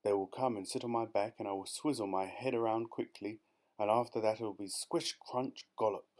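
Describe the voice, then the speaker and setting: A man's voice: lowish voice, fairly even intonation, a little fast, darkish tone, lightly acted. A man voicing a sly, greedy enormous crocodile. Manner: sly, muttering to himself. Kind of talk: audiobook character voice.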